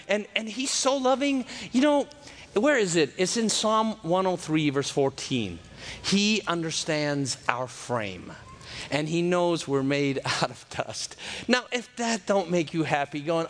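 A man preaching a lively sermon, swinging from shouts to hushed tones and acting out the voices in the story. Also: high voice, a little slow. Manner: animated, swings between loud and hushed, acts out voices.

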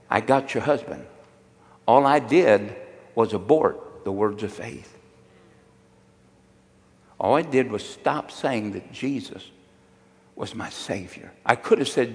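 An older man preaches a folksy, humorous sermon full of personal stories, calling for responses from the congregation. His mid-range voice has lively intonation, a slow pace, and frequent pauses. The recording carries long hall reverb.

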